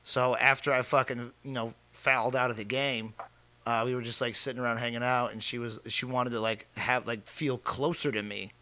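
A man telling crude, animated comic stories on a podcast. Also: mid-range voice, normal speed. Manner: brash, profane, animated. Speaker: podcast co-host, comedian. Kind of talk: crude comedic storytelling.

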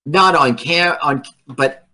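A man's voice: fairly high pitch, slow, sharp tone. A man casually joking with a co-host over an old film, asking questions and putting on silly voices. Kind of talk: casual banter over a movie.

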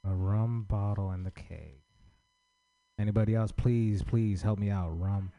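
A man's voice: lowish voice, steady tone, unhurried, warm tone, dull audio. A man doing open-mic stand-up, pleading with the crowd and stammering through his bits on a comedy club stage. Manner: pleading, stammering, self-deprecating.

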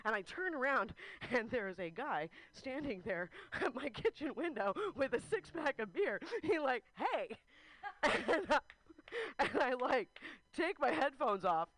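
Bright, high-voiced woman comic. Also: animated, a little slow. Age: 30s. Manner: candid, rambling storytelling with laughter. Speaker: stand-up comedian. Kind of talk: stand-up comedy set.

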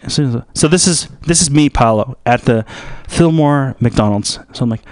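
A man hosting a radio show, rambling through a comic story in a deadpan way. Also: medium pitch, moderate pace, hardly any pauses, clean tone, no echo, studio quality. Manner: rambling, deadpan, full of fillers.

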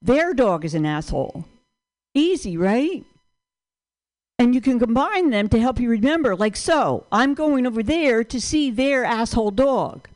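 A woman's voice: a little high, expressive, measured pace, darkish tone. An older woman with a New York accent doing brash, profane stand-up in a small venue, ranting at the crowd. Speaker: stand-up comedian.

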